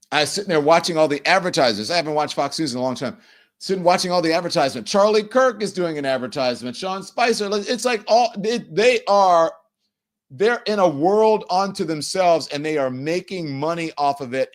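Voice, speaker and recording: A middle-aged man hosting a live political commentary stream, ranting in an animated, profane way. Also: fairly high pitch. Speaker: livestream host.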